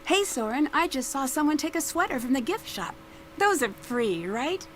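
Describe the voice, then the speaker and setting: A woman's voice: high voice, big pitch swings, slight background noise. Nancy Drew, curious girl detective. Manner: brisk, inquisitive, self-talking. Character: young woman amateur detective, curious. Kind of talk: video game voice acting. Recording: game audio over background music. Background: game music.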